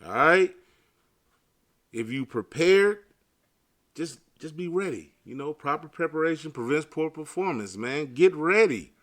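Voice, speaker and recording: A man giving an informal sermon to his viewers, mixing casual slang with scripture readings and swinging from quiet murmurs to loud bursts. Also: on the high side, expressive, measured pace, pauses often. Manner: casual street talk mixed with scripture reading. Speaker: online preacher.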